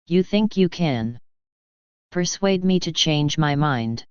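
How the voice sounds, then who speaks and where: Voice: medium pitch, lively intonation, takes it slowly, clean tone, dry recording, highs cut off. Irritated young dancer, as a storyteller reads her lines. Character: young married woman dancer, upset and irritated.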